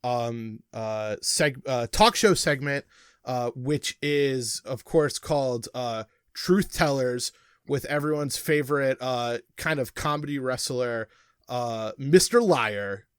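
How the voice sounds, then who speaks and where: A man's voice: mid-range voice, slow pace, smooth, no room sound, studio quality. A man narrating as game master of a tabletop wrestling game, hesitant and full of fillers.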